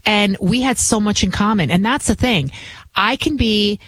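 A woman's voice: medium pitch, moderate pace, a bit bright, breathy edge. A woman from the Bronx with a New York accent, hosting a talk radio show in a chatty, rambling, emphatic monologue. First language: not English. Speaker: guest radio host.

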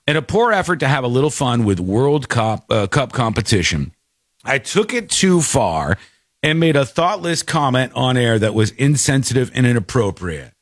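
Male host, lively scornful rant, dry close sound. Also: mid-range voice, normal speed, no room sound. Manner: animated, scornful ranting. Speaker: show host. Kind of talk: opinionated commentary.

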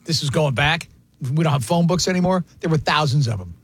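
A man hosting a casual sports radio show, telling lively stories and mimicking other people's voices. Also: on the high side, a little fast, husky. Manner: animated storyteller, mimics voices in quotes. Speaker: radio host.

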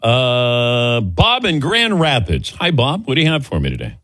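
A man's voice: mid-range voice, wildly swooping pitch, moderate pace, sharp tone, dry recording. An older man hosting a call-in sports show, his voice rising and falling a lot as he chats and chuckles. He sounds close and dry, with no room around him. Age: 60s. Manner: chatty, laughs often, takes calls. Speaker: sports radio host. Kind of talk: casual call-in radio chat.

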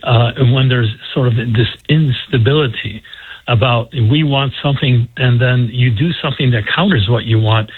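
A man appearing as a guest professor on a talk radio show, speaking in a measured, explanatory way over a phone line. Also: medium pitch, husky.

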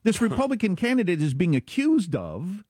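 Brief: middle-aged man from Kansas, high and very animated voice, dry close sound, casual chat co-host. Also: husky, no echo. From Kansas, USA. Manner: animated storyteller, quick asides.

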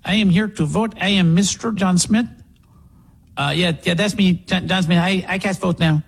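A man voicing a bumbling male impostor posing as a voter, speaking in halting, broken phrases. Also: high voice, vocal fry, breathy edge, exaggerated voice. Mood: fumbling.

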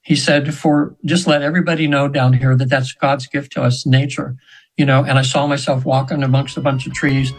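A man in his seventies, a radio guest, telling a long rambling story with restarts and frequent throat-clearing. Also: medium pitch, level tone, fairly quick, rough recording. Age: 70s.

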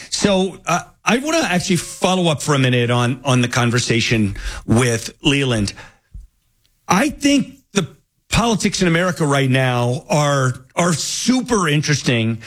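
Radio host guy riffing on his opinions, restarts a lot, kinda high voice. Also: a bit bright. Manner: opinionated, thinks aloud with restarts. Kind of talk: casual talk radio monologue.

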